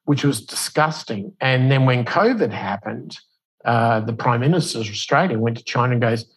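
A man talking casually as an interview guest, spinning a long explanation like a story. He stumbles and restarts now and then, and jumps his voice up high when he acts out what others said. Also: normal speed, breathy edge, poor audio. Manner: animated storyteller who acts out quotes in a raised voice; loose delivery with fillers and restarts.

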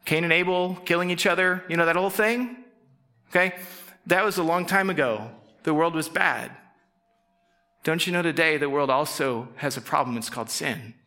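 A middle-aged man gives a casual sermon in a fairly high, bright and forceful voice. He moves between chatty storytelling with acted-out quotes and quiet, earnest moments. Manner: conversational, acts out quick quoted voices, drops to soft intense tones. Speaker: pastor.

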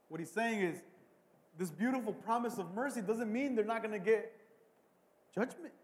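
High-voiced preacher in a reverberant hall. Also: male voice, moderate pace, pauses often. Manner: dynamic preaching, swings between hushed and loud, repeats words. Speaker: pastor. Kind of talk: sermon.

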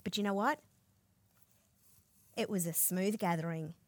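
A woman preaching a sermon, retelling a scripture story with expressive storytelling and asking listeners to picture the scene. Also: mid-range voice, measured pace, no echo, clean studio sound.

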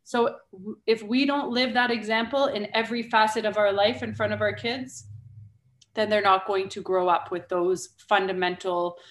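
A woman's voice: mid-range voice, fairly even intonation, moderate pace, slight background noise. A woman in her thirties hosting a casual podcast conversation, talking emphatically and firing off rhetorical questions. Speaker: podcast host.

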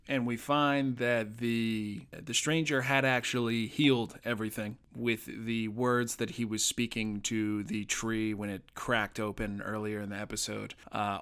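A man's voice: medium pitch, fairly bright tone, smooth. A man talking casually as a podcast host, reviewing a TV episode as an enthusiastic fan, with fillers and restarts.

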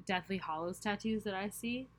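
A young woman co-hosting a book podcast, joking around and cutting in with quick remarks. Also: medium pitch, low-quality recording. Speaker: podcast co-host. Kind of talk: casual chat.

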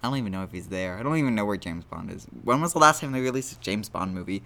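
A man's voice: on the low side, lively intonation, rapid-fire, vocal fry, bright, forceful tone, slight background noise. Rambling, self-deprecating man podcasting solo. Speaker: podcast host. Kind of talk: casual solo podcast monologue.

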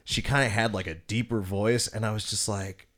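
A man's voice: lowish voice, fairly even intonation, normal speed, fairly bright tone. A man hosting a podcast, telling a profane story in casual chat and acting out quotes in other voices. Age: 20s. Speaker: podcast host.

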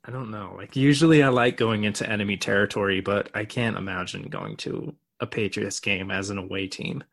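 A man's voice: fairly low pitch, fairly even intonation, gravelly, fairly bright tone. A man co-hosting a podcast, cracking jokes and teasing in casual banter. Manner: joking, teasing banter with quick asides. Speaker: podcast co-host.

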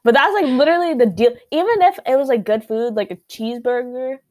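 A woman co-hosting a casual podcast, telling stories in a lively way and saying "like" a lot. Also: sits high, quick pace, dry recording. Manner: animated storytelling, says "like" a lot. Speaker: podcast co-host. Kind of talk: casual chat.

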